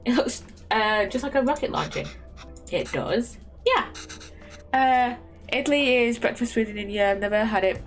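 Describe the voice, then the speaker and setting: A woman streaming a story game, chatting casually, rambling and laughing at herself. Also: medium pitch. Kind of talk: casual gameplay commentary.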